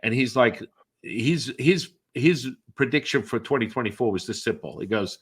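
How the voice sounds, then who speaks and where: Animated middle-aged man telling stories. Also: mid-range voice, moderate pace, husky. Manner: animated, acts out other people's reactions in shifted voices; rambling with frequent fillers and restarts. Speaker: podcast host and energy healer. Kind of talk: conversational storytelling in an interview.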